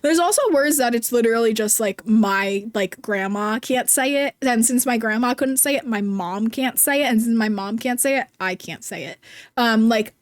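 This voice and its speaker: Giggly high-voiced Jersey woman streamer. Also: moderate pace, dry recording, studio quality. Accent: New Jersey. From New Jersey. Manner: rambling, giggly, self-deprecating. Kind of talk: casual chat while gaming, reading chat.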